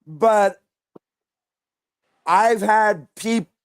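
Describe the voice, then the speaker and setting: High-pitched man speaking haltingly. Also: smooth, no echo, clean studio sound. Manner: halting, restarts his sentences. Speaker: panelist. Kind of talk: heated panel discussion.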